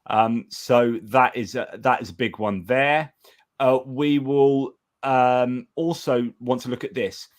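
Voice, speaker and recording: A man's voice: mid-range voice, steady tone, takes it slowly. A man hosting a casual election-night live stream, talking in a rambling way with many restarts and reading out viewer comments.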